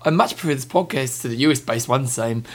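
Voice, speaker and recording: A man co-hosting a podcast, chatting casually and teasing his co-host. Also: mid-range voice. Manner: teasing, chatty, quick asides. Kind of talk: casual chat.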